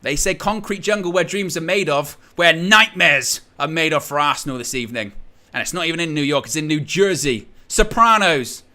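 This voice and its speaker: A man hosting a live fan watchalong stream, gloating and teasing rivals in animated commentary. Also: on the high side, normal speed.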